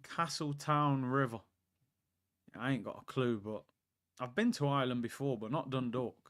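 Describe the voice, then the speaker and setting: Reacting to the game as it unfolds, a young man runs a live football watchalong and answers questions from viewers. His medium-pitched voice is excited, moving at a moderate pace.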